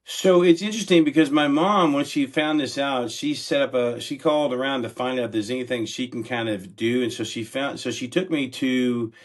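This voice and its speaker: A man's voice: mid-range voice, moderate pace, hardly any pauses. A man in his sixties, a guest on a podcast, earnestly telling his life story and often checking in with "right?". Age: 60s. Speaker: entrepreneur guest. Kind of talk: personal storytelling in a podcast interview.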